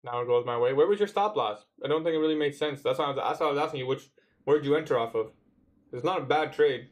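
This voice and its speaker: A man's voice: a little high, quick pace. A young man from Canada with a Toronto accent, chatting casually on a trading livestream and answering viewers in laid-back slang.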